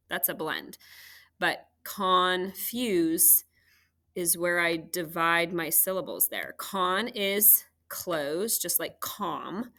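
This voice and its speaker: Slow, bright-voiced woman teaching phonics. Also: on the low side. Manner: patient, step-by-step, talking to young students. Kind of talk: phonics lesson walkthrough.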